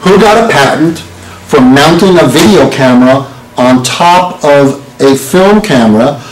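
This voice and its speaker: A man's voice: on the high side, animated, measured pace. A man in his sixties, a lawyer giving a live talk, joking and quizzing the audience. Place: meeting hall with an audience. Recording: roomy hall with faint noise.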